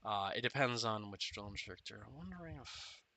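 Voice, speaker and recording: A man's voice: lowish voice, lively intonation, a little fast, vocal fry, sharp tone. A man in his forties, a former Marine, casually commenting while he plays and rambling through a story with lots of fillers and laughs.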